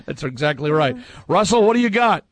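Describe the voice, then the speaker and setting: Playful high-voiced man hosting a quiz. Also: expressive, very noisy. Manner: playful, teasing, quick to laugh. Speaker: quiz host. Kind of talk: casual radio banter.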